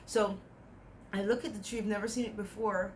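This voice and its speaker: Young adult woman, mid-range pitch, casual rambling dream-recounting, light background noise. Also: brisk, rough recording. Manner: rambling, animated retelling with quoted dialogue. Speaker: dream vlogger. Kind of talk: casual storytelling about a dream.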